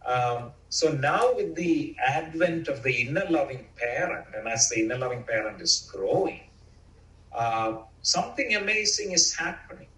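A man's voice: mid-range voice, lively intonation, normal speed, fairly bright tone. Earnest man sharing his story, roomy distant sound. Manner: earnest and reflective, with casual fillers. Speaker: speaker sharing a personal story. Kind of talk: personal testimony to a group. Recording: roomy, from far off.

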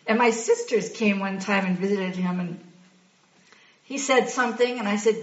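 Woman, 60s, heartfelt storyteller, halting delivery, dull echoey recording. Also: medium pitch. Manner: candid, halting, laughs often. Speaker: guest sharing a recovery story. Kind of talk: personal storytelling.

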